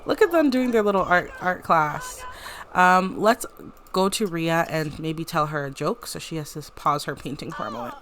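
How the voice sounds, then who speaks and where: A woman's voice: fairly low pitch, moderate pace, a bit bright, slight background noise. Chatty woman narrating gameplay. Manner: chatty, uses "like" a lot. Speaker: let's play narrator. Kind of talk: casual gameplay commentary.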